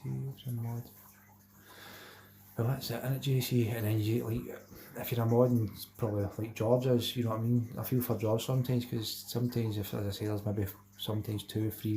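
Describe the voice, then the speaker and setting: With a fairly low, creaky, mellow voice, a middle-aged Scotsman runs a live stream where he reads out viewers' comments and chats with them in an easygoing way. He tends to say things twice and addresses everyone as mate.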